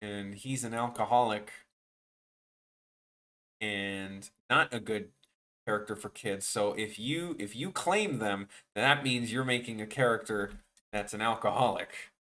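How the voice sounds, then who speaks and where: A man's voice: fairly low pitch, unhurried, pushed and bright. A man chatting casually with viewers on his animation live stream, rambling and joking, often trailing off mid-sentence.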